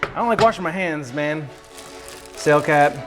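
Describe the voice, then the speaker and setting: Streamer-chef: a man with a slightly high voice, jokey and chatty, music playing behind him. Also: expressive, normal speed. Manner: joking, chatty, talks to himself while cooking. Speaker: livestream cooking host. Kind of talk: casual livestream chat. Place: home kitchen.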